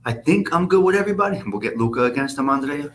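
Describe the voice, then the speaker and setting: A man's voice: a little high, lively intonation, fast talker. A man hosting a casual live stream, answering viewers' comments by name in a blunt, profane, rambling way.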